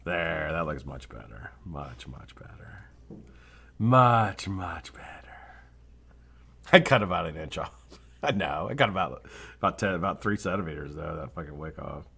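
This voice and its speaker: A man's voice: low-pitched, expressive, normal speed, creaky, sharp tone, slightly rough. A man hosting a live vape review show, talking casually and enthusiastically and swearing freely.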